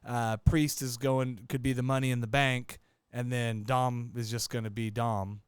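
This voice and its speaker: A man's voice: medium pitch, little pitch movement, unhurried, clean tone, no echo, studio quality. A man co-hosting a podcast in casual chat, matter-of-fact and keeping track of the details. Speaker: podcast co-host.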